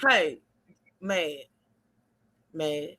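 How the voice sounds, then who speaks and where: A woman hosting a casual livestream, telling stories loudly, laughing and swearing. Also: sits low, drawn-out words. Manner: loud, laughing, profane, animated storytelling. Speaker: streamer host.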